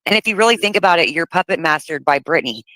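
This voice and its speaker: A woman's voice: lowish voice, animated, rapid-fire, sharp tone, dry recording, poor audio. A woman, co-hosting a live stream and gossiping in a sassy, emphatic way.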